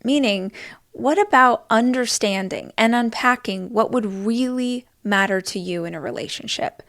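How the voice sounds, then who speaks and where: A woman's voice: a little high, normal speed, vocal fry, a bit bright. A woman host reading a sponsor spot in an upbeat, conversational way.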